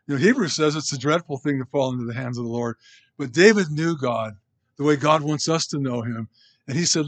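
A man's voice: mid-range voice, expressive, fairly quick. A man leading a Bible study, reading scripture aloud and explaining it informally, with rhetorical questions to the group. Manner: reads scripture aloud between comments. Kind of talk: conversational Bible teaching.

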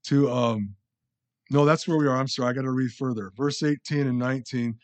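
A man preaches a casual, conversational Bible-study sermon, self-deprecating and often restarting his sentences. His medium-pitched voice stays steady in tone and moves a little fast.

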